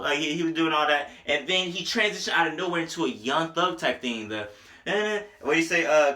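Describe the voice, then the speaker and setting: A young man casually reviewing an album, animated and profane, joking and rapping lines along. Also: a little high, brisk. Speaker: music reviewer. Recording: echoey room.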